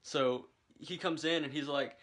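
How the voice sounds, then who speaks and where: Young male vlogger, casual and rambling, bright voice, self-filmed at home. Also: on the high side, fairly even intonation, a little slow. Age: young adult. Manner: rambling, chatty, lots of fillers. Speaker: vlogger and military recruit. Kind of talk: casual chat to camera. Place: his bedroom, indoors. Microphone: handheld camera.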